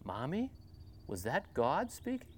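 A man voicing an anxious little girl who calls out from her bunk in the dark in a small, plaintive voice. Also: high voice, very animated, a little slow, a little hiss or hum, pitched above the performer's own voice, heavily acted. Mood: hushed.

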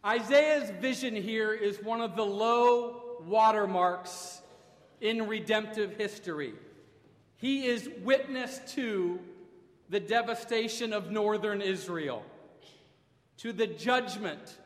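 A middle-aged male pastor from Ohio delivers a sermon in a very high voice, taking his time over each phrase. His delivery is wry and self-deprecating, with a storyteller's comic timing. The sound rings with the long reverb of a large church hall. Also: takes it slowly. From Ohio, USA. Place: church sanctuary. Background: congregation laughing.

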